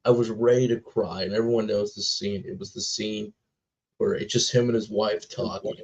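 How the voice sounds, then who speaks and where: A man's voice: fairly low pitch, fairly even intonation, vocal fry, a little mellow, a little hiss or hum. A man chatting casually about films, talking in an earnest, emotional way and drawing out his words. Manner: earnest, emotional, drawn-out phrasing. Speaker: co-host of a movie reaction channel. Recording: dull lo-fi recording.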